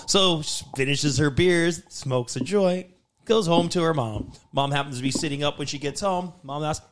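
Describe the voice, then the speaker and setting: A man with a slightly high voice speaks at a measured pace as a podcast co-host spinning a long, casual story. He's animated and swears freely, acting out the voices of the people he quotes.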